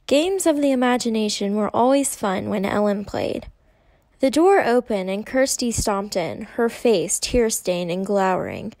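Woman narrator, measured storytelling, fairly high, very dry sound. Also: vocal fry, a little mellow, dry recording. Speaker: audiobook narrator. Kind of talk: scripted narration.

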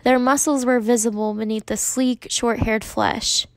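A woman's voice: fairly high pitch, fairly even intonation, measured pace, no room sound. Woman narrating a storybook, dry close sound. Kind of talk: audiobook narration.

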